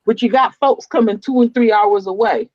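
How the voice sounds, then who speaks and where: A man's voice: high voice, normal speed, dry recording, dull audio. A man, a construction worker telling a heated story in a casual online discussion. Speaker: construction worker, panel guest.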